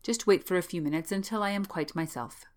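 A woman voicing a nervous, excitable young male scholar in a storybook reading, with a low voice and fretful, self-reproaching speech. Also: fast talker, close to an everyday voice. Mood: agitated.

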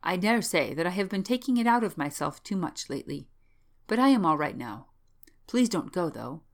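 Shaken, excitable young man , read by a woman; low voice, fretful storybook scholar. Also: moderate pace. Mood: agitated.

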